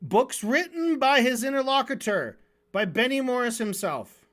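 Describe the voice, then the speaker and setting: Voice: medium pitch, big pitch swings, normal speed, fairly bright tone. A streamer reviewing a debate in a casual, sarcastic, rambling way, often restarting mid-sentence.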